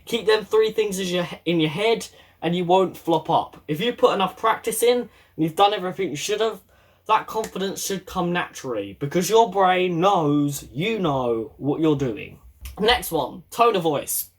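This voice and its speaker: A man's voice: high voice, expressive, moderate pace. A young man giving casual advice straight to camera, blunt and jokey, swearing freely.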